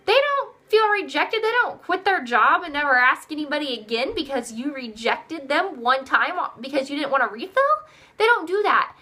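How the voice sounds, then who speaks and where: Very animated, this young woman runs upbeat sales training for her team at a moderate pace. Her voice sits high and sounds bright and forceful. She coaches repetitively and acts out customers' responses in a raised voice.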